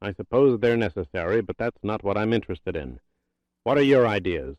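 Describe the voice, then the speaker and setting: A man's voice: on the low side, lively intonation, brisk, darkish tone, no echo, highs cut off, natural voice. A man reading an audiobook, voicing an impatient, older US president who speaks in a harsh drawl. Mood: angry.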